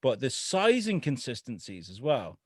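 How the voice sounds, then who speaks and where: A man co-hosting a casual podcast, swearing freely and breaking into mocking, exaggerated impressions of people. His voice sits at a middle pitch. It is recorded dry and close, with almost no room sound. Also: wildly swooping pitch, normal speed, breathy edge, dry recording. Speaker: podcast co-host. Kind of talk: casual chat.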